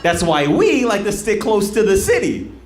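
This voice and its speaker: A man's voice: sits high, wildly swooping pitch, moderate pace. A man doing a stand-up set on a club stage, telling stories and laughing at his own jokes. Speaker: stand-up comedian. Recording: roomy live club with crowd laughter. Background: audience laughing.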